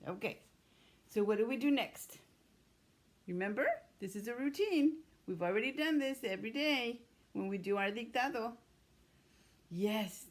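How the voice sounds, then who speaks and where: Slow, patient woman teaching young kids. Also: mid-range voice. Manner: slow, patient, sounding out letters and words. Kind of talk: early-grade writing lesson.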